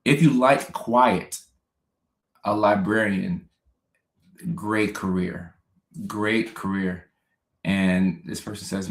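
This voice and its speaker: A man's voice: fairly low pitch, takes it slowly, long pauses, fairly bright tone. Laid-back man chatting in an echoey room. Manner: chatty and laid-back, laughing often, repeating phrases. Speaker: host. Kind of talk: casual livestream chat reading viewer comments. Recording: roomy echo.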